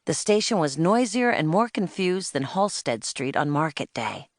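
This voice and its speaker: A woman's voice: low-pitched, big pitch swings, measured pace, dry recording, studio quality. A woman narrating a children's audiobook in first person, telling it in the plain-spoken voice of a spirited young girl.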